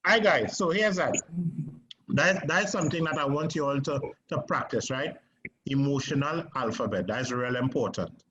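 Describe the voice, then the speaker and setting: Acting teacher who keeps checking in. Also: male voice, medium pitch. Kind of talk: coaching a stage acting class. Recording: muffled classroom recording with background noise.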